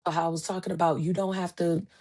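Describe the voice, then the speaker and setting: A woman's voice: on the low side, quick pace. A woman in her thirties hosting a solo podcast, talking casually and telling stories by acting out the voices of the people in them. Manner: animated storytelling, acts out quoted dialogue; conversational, colloquial phrasing. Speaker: podcast host.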